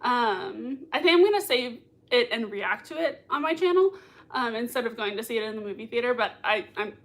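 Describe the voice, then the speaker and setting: A woman's voice: a little high, animated, brisk. A woman hosting a livestream from home, reading out viewer comments and gushing over them with lots of giggles. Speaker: livestream host. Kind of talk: live chat reading. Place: home room.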